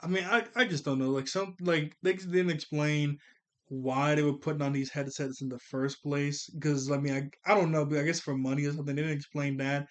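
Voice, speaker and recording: A man with a slightly high voice talks through a cartoon episode in a loose, unscripted way. He rambles, starts sentences over and leans on filler words. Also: steady tone, brisk. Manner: rambling, with many fillers and restarts. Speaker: cartoon reviewer. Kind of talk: casual spoken review.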